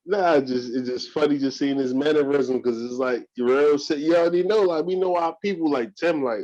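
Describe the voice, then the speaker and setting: A man's voice: a little high, a little fast, few pauses. A man co-hosting a podcast, animatedly retelling a clip in casual reaction chat. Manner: animated, laughing, storytelling. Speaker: podcast co-host. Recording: dull lo-fi sound.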